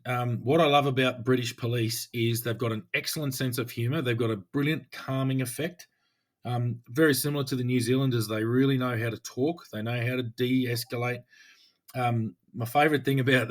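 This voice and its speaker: An Australian man, a police officer co-hosting a podcast, talking in an easygoing, thoughtful way with many filler pauses. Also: mid-range voice. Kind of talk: casual chat.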